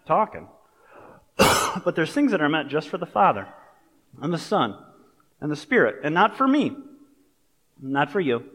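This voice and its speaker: A man's voice: fairly high pitch, big pitch swings, normal speed, pauses often, fairly bright tone. Conversational male pastor in a reverberant hall. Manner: conversational, storytelling, with asides. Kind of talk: sermon. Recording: long reverb of a large hall.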